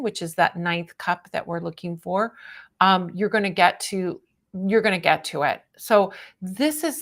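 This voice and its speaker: Chatty woman reading tarot on a livestream. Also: medium pitch. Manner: chatty, animated, frequent laughs and "right?" asides. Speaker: tarot reader.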